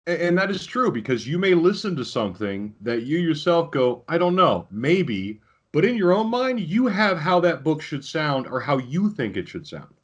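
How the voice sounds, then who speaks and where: A man hosting a casual interview podcast, enthusiastic and quick to agree. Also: fairly high pitch, big pitch swings, husky. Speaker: podcast host.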